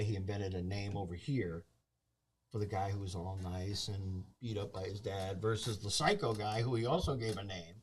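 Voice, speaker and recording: A man chatting casually as a movie reviewer, retelling a plot with lively acted-out quotes. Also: on the low side, normal speed, a little hiss or hum. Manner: animated storyteller acting out characters' lines.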